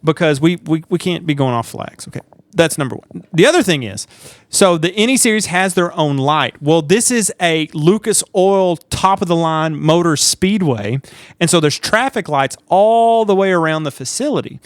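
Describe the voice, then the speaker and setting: A man co-hosting a podcast, telling stories in a lively, animated way and acting out the people in them. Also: a little high, normal speed, no echo. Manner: animated storyteller, acts out shouts and quotes. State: sleep deprived. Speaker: podcast co-host. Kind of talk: casual chat.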